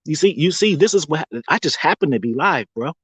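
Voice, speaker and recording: Livestream host: husky man with a lively, swooping delivery, mocking and quick to laugh. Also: fairly high pitch, no room sound, low-quality recording. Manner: animated, mocking, laughs often between lines. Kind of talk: casual livestream rant.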